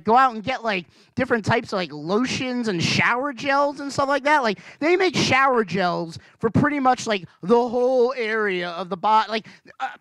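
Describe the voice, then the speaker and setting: A man performing a rambling, self-deprecating stand-up comedy set, swearing freely and jumping up in pitch for emphasis. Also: pushed and bright, dry recording.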